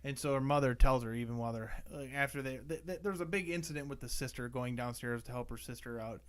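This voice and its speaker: A man's voice: mid-range voice, fast. A man co-hosting a podcast, casually recapping a film's plot in a rambling way and acting out the characters' lines. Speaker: podcast co-host. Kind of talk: casual movie-review chat.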